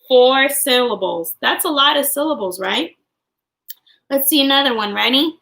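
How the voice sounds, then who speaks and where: A young woman teacher leads a class online in a cheerful sing-song voice. She draws her words out slowly and chants along with the children. Her tone is bright, with a gravelly edge. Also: on the high side, expressive, poor audio. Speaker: kindergarten teacher. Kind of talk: online class livestream, singing and chanting phonics.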